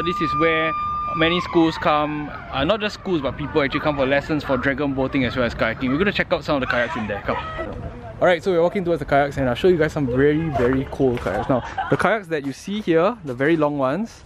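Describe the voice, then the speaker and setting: A man's voice: on the high side, fairly quick, background noise. Man explaining kayaks outdoors. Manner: explains step by step, with fillers and self-corrections. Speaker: vlogger. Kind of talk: casual explaining vlog narration. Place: outdoors at a water sports centre.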